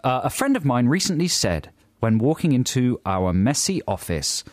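A man's voice: mid-range voice, sing-song, normal speed, a little mellow, dry recording. A man co-hosting a casual chat show, reading listener emails with giggly, playful banter. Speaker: podcast co-host.

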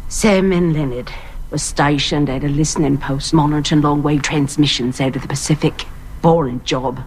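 An actress playing a plain-spoken Australian woman in a TV drama, telling an odd tale with a put-on Australian accent in a flat, matter-of-fact way. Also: deep voice, normal speed, a little hiss or hum, natural voice. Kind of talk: TV drama acting.

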